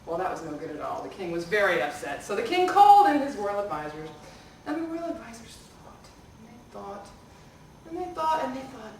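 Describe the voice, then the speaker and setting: Animated library storyteller, woman, reading a folktale to kids; echoey room, voice distant. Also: medium pitch, a little fast, slight background noise. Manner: animated, asks the audience questions. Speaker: children's storyteller. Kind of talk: storytelling to children.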